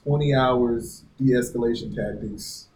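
A man's voice: medium pitch, a little slow. A man co-hosting a podcast in casual chat, telling stories animatedly, acting out the people in them and swearing freely. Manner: animated storytelling, acts out quoted people, swears a lot. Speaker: podcast co-host. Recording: roomy, distant mic with faint noise.

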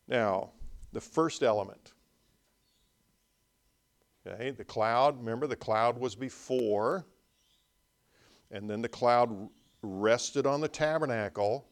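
A man's voice: medium pitch, slow, long pauses. Pastor guy preaching, reads scripture out then explains it, pushes the key points hard. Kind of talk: sermon. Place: conference hall.

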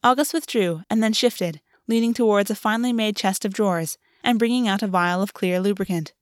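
A woman reading a fan fiction story aloud in a steady, even narration. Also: medium pitch, brisk, no echo, studio quality. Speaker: audiobook reader.

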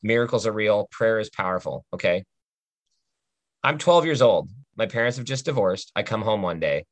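A man's voice: on the low side, animated, normal speed, no room sound. A man on a podcast telling a personal faith testimony in an earnest, conversational way, often checking in with the listener.

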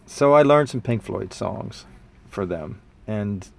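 A man's voice: on the low side, slow pace, gravelly. Reflective fifty-year-old man talking casually. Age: 50s. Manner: earnest, reflective, sometimes excited, with fillers and restarts. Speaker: musician and spiritual teacher. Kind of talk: casual spoken monologue.

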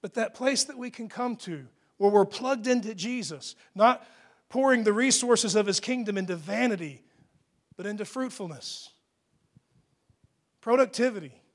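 In this church-hall sermon, the high-voiced male pastor alternates between easy conversation, emphatic crescendos and quiet, hushed asides aimed at his congregation.

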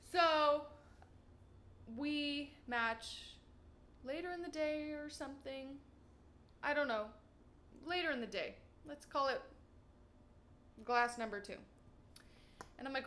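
A young woman with a slightly high voice talks through her solo podcast in a loose, chatty way. She swears freely and acts out her own quoted thoughts as she walks around her kitchen at home. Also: a bit bright. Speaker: podcast host. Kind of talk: casual solo podcast chat.

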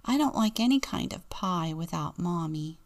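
A woman's voice: on the low side, expressive, normal speed. A woman doing an earnest little boy. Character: small eager little boy, younger brother.

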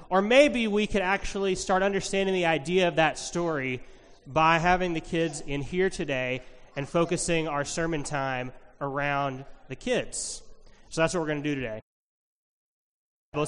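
Pastor, man, children's sermon; high voice, encouraging question-and-answer delivery, church hall reverb. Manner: asks kids questions in a lively, encouraging way. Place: church sanctuary.

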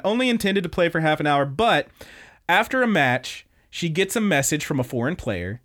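With a slightly high voice at a normal pace, this young man co-hosts a podcast and recaps anime episodes. His delivery is laid-back and rambling, full of profanity and lively quoted voices.

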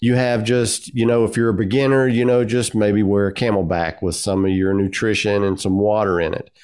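A man hosts a relaxed podcast interview, asking questions in a loose, rambling way. His voice sits a little low. He fills his sentences with casual fillers. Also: brisk, clean tone. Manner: loose and rambling, with many fillers like "like" and "you know". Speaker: podcast host.

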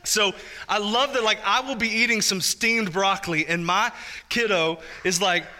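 A man in his thirties preaches a sermon in a high, ringing, very bright voice. He talks to the congregation like a friend, slipping in playful asides between his points. His delivery stays conversational rather than formal. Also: normal speed. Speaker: pastor.

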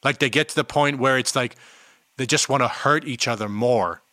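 A man's voice: mid-range voice, normal speed, bright, forceful tone, dry recording, studio quality. A man from South Africa chatting on a podcast, rambling with casual swearing. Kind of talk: casual chat.

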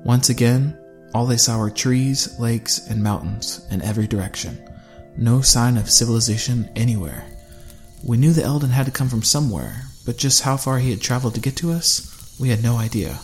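A man narrating a first-person fantasy audiobook in a steady storytelling manner. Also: medium pitch, moderate pace, faint music behind.

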